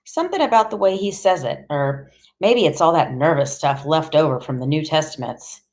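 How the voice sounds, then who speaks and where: A woman narrating an audiobook in the first person, with a deadpan, wry delivery. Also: low voice, normal speed.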